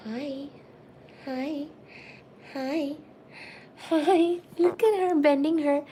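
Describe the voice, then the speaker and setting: A woman's voice: a little high, darkish tone, a little hiss or hum. A woman cooing in affectionate baby talk to her cats at home, laughing often while doing the dishes in her kitchen. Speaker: cat owner and channel host. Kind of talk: casual chat and baby talk to pets.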